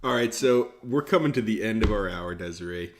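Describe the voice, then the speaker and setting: A man with a fairly low voice co-hosting a casual podcast. He talks in a relaxed, easygoing way as he steers the talk toward the next segment. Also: brisk, background noise. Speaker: co-host.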